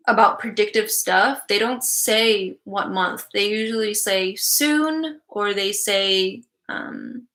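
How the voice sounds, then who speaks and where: A woman's voice: medium pitch, sharp tone. A young woman giving psychic readings on a live stream, chatty and giggly with many fillers.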